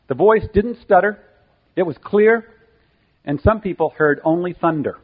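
Preacher, male, somewhat high voice, husky, emphatic and earnest, thin phone-like audio. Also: animated, unhurried. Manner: earnest, emphatic teaching with repeated phrases. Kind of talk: sermon. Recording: tinny phone-like sound.

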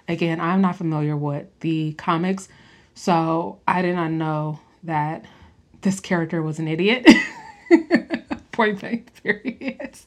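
A young woman in casual chat, rambling through a film review with fillers and laughs. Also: lowish voice. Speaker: podcast host reviewing a film.

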